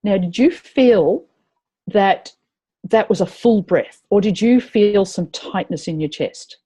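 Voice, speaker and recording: A woman's voice: mid-range voice, animated, slow pace, warm tone, breathy edge. A woman leading a live tapping webinar, chatty and encouraging as she guides her attendees.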